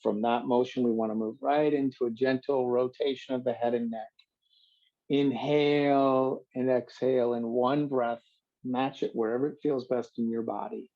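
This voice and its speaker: A man leading a yoga workshop, giving calm, slow guided instructions with drawn-out cues. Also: mid-range voice, muffled recording.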